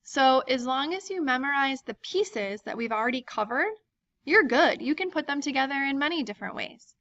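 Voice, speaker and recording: Woman lecturer, bright gravelly voice, relaxed explainer, dull dry lo-fi recording. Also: high voice, normal speed, no room sound. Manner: casual, frequent ums, explains step by step. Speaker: teacher.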